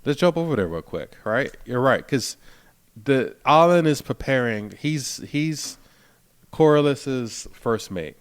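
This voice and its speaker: A man from Philadelphia co-hosts a podcast in a laid-back, conversational way. His voice has an ordinary middle pitch. He talks through scenes one step at a time. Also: animated, slow pace, clean tone. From Philadelphia, USA. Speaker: podcast co-host. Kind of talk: casual TV recap chat.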